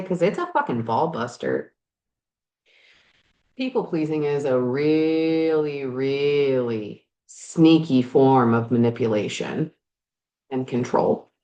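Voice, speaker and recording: A woman life coach and podcast host talking frankly and animatedly, now and then swearing, while working on projects in her garage. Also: low voice. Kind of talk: candid motivational chat. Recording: roomy echo.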